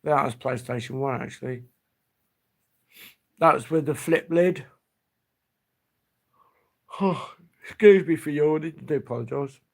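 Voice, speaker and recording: A man with a gravelly voice, hosting a live stream and chatting loosely. He rambles from memory to memory, his sentences trailing off as he goes. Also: fairly high pitch, measured pace, pauses often. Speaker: livestream host. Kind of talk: casual reminiscing chat.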